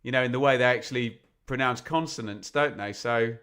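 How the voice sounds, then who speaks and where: A man from England giving live football commentary on a fan watch-along, chatty and opinionated, with sudden bursts of excitement when chances come. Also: medium pitch, brisk, clean tone. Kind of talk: live football commentary mixed with casual chat.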